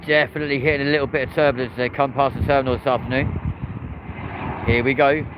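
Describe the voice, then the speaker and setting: A man's voice: mid-range voice, little pitch movement, fast talker. A man hosting a live plane-spotting stream from a hotel rooftop by an airport, chatting with viewers and cheering on the planes as they land. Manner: chatty, banters with chat, cheers on landing planes. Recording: dull lo-fi outdoor stream audio with traffic noise.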